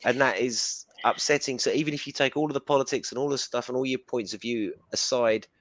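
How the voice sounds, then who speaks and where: A man, a guest on a live-stream chat, talking casually and haltingly, often repeating and restarting his words. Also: medium pitch, a bit bright, no room sound.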